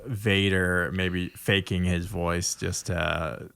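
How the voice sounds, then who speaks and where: A man's voice: deep voice, flat delivery, creaky, a bit bright, clean tone, no echo, studio quality. A man co-hosting a podcast in casual chat, chuckling and agreeing often. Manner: chuckling, quick agreeing interjections. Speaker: podcast co-host.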